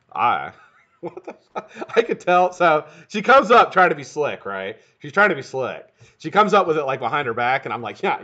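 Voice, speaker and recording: A man hosting his own live stream in casual, profane chat, greeting viewers by name and talking quickly. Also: medium pitch, bright, forceful tone, dull audio.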